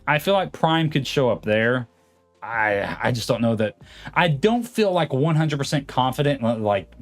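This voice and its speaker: A man in his late twenties chatting casually on a livestream, rambling and reading viewer comments aloud. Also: medium pitch. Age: late 20s. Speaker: streamer host.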